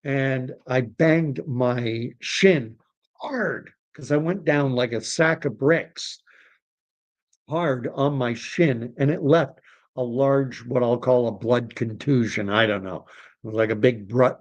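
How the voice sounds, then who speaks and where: A man's voice: mid-range voice, takes it slowly. A middle-aged man hosting a livestream, telling a long casual story in a rambling way and correcting himself often. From Canada. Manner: rambling, self-correcting, conversational. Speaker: livestream host.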